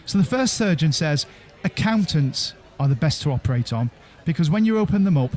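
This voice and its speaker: A man co-hosting a podcast in casual chat, telling jokes with halting restarts. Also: a little high, expressive, darkish tone. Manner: halting, stammering restarts, chuckling joke teller. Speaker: podcast co-host.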